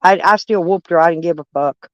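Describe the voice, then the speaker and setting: Brisk and on the low side, this woman's voice is recorded without echo. Hosting a livestream, she chats casually with viewers in a blunt, freely swearing way, calling people honey.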